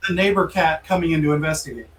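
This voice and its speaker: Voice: mid-range voice, fast. A game master casually narrating a tabletop role-playing game with loose, rambling storytelling. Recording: roomy room, distant mic, faint hiss.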